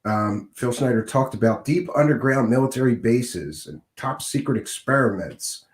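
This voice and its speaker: A middle-aged man hosting a podcast, hoarse and scratchy from a cold, talking casually with many fillers. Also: medium pitch, lively intonation, moderate pace, echoey room. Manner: conversational, with frequent uh and um fillers. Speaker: podcast host.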